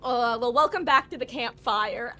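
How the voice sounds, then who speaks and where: A woman's voice: a little high, normal speed, pushed and bright. A woman streaming a game live, chatting casually to viewers in a rambling way, laughing often and correcting herself. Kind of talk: casual live-stream chat while gaming.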